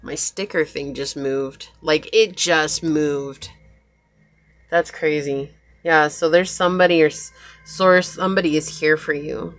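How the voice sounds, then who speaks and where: A woman giving a pick-a-card tarot reading in a gentle, affirming and emotional way. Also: sits low, steady tone, measured pace, dry recording, faint music behind. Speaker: tarot reader.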